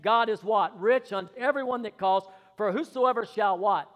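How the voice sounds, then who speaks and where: A male pastor with a notably high voice preaches in a church hall, and his words ring out with a long reverb. He calls out questions for the congregation to answer and swings from soft, murmured asides to loud declarations. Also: normal speed, muffled recording. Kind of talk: sermon. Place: church sanctuary.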